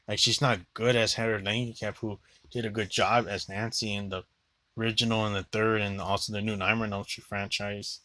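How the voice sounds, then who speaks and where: A man's voice: on the low side, flat delivery, brisk, pushed and bright, no echo. A young man giving a rambling, blunt movie review monologue, swearing freely and filling gaps with "like".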